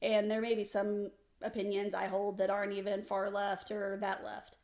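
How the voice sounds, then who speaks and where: A woman's voice: medium pitch, completely flat delivery, moderate pace, a little mellow. A woman from Alabama, co-hosting a casual podcast chat with dry, wry humor. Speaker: podcast co-host.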